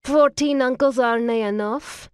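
A woman voicing a proud young Highland mother with a lilt in an audiobook, speaking in a wry, bitter, sharp way. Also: measured pace, clear, resonant tone, no room sound, clean studio sound, lightly acted. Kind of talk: audiobook character voice.

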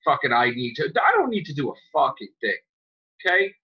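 A man hosting a podcast, ranting angrily with lots of swearing and sudden loud outbursts. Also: on the high side, sing-song, fairly quick, husky. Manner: heated, profane, jumps to loud outbursts. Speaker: podcast host. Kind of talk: angry podcast rant. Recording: dull lo-fi sound.

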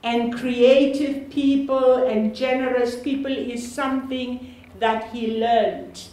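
A woman's voice: on the high side, steady tone, takes it slowly, dark tone. An older woman with a South African accent speaking on a university panel, chatty and joking, often laughing and restarting her sentences. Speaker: panel speaker, sister of the honoree. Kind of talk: informal public talk at a lecture panel. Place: university lecture hall. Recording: echoey hall with faint noise.

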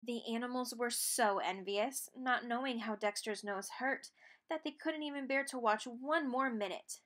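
A woman reading a children's picture book aloud, expressive and playful with sound words. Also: on the high side, normal speed. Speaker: read-aloud narrator.

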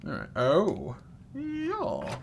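A man's voice: a little high, huge pitch swings, very slow, gravelly, slight background noise. A young man doing playful live gameplay commentary, chatting with viewers by name and coaxing game characters along. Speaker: streamer.

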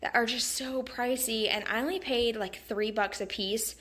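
Casting: friendly woman, slightly high voice, casual home vlog walk-through on a camera mic. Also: fairly even intonation, moderate pace, a bit bright. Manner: chatty, friendly, many "um" fillers. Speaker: home vlogger giving a house tour. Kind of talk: casual chatty house tour. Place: inside a small house, walking room to room.

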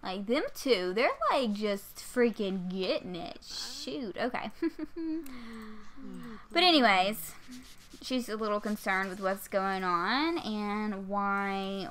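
A woman's voice: medium pitch, pushed and bright. A woman in her twenties giving chatty, giggly gameplay commentary into a desktop mic, full of "like" and mild swearing. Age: 20s. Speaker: gaming YouTuber. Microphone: USB desktop microphone.

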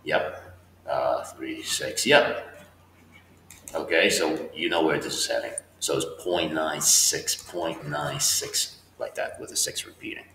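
Very deep-voiced teacher, echoey room. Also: male voice, slow, a little hiss or hum. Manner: talks through the working out loud. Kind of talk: homework walkthrough lesson.

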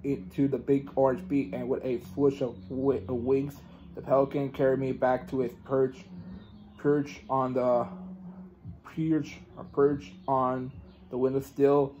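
A man's voice: medium pitch, dark tone, highs cut off, slight background noise. A man reading a children's book aloud, stumbling and restarting words as he goes. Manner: halting, with frequent restarts and self-corrections. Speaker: reader.

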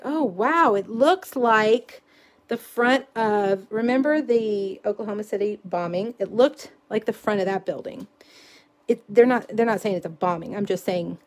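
A woman's voice: on the high side, darkish tone. A middle-aged woman, chatting casually through a live craft demonstration and talking to viewers as she works. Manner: chatty, self-deprecating, talks to viewers in comments.

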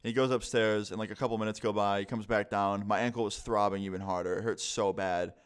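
A young man tells a story to his viewers in a loose, rambling vlog style, dropping swear words as he goes. His voice sits a little low and sounds smooth and clear, and the tone is casual and unpolished. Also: fairly even intonation, fast talker. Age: young adult. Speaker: vlogger.

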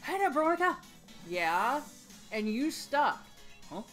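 A woman's voice: high voice, sing-song, measured pace, a bit bright. A woman hosting a let's play, chatting casually and playfully over her gameplay with light game music behind her. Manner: playful, reads game dialogue aloud in put-on voices.

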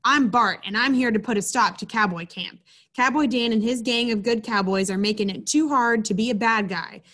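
A woman voicing a mean, gruff male outlaw cowboy while reading a picture book aloud, with a slow drawl. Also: on the high side, fairly bright tone.

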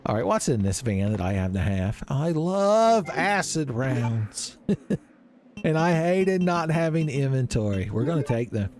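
A man's voice: mid-range voice, big pitch swings, moderate pace, a little mellow. A man doing joking, rambling gameplay commentary, calling listeners son. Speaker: let's play host. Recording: game music behind voice.

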